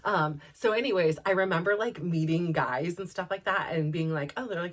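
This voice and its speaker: A woman from California with a Valley girl accent, telling personal stories in a chatty podcast monologue full of "like". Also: lowish voice. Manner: chatty, peppered with "like", quick laughs. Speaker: podcast host. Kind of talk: casual storytelling monologue.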